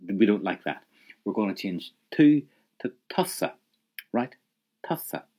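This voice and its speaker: A man's voice: fairly low pitch, expressive, a little slow, a little mellow. A man teaching an audio language lesson, encouraging the listener and prompting them to repeat phrases.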